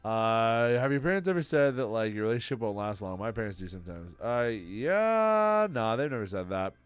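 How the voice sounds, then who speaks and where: A man's voice: on the low side, animated, normal speed, clean tone, dry recording. Stuffy-nosed young man from Texas. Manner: profane, laughing, rambling. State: stuffy nose. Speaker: livestreamer. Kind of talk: casual stream chat.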